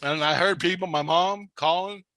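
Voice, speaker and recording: At normal speed, a man with a high, pushed, bright voice relates his experience of the spirit world, and there's no echo. The story is long and rambling, told in casual conversation with constant swearing and real intensity.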